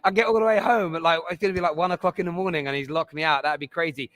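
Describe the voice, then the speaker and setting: A fast-talking man with a fairly high voice, hosting a heated live stream. He keeps interrupting and pressing his point, insistent and exasperated. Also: steady tone, a bit bright, no room sound. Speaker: livestream host.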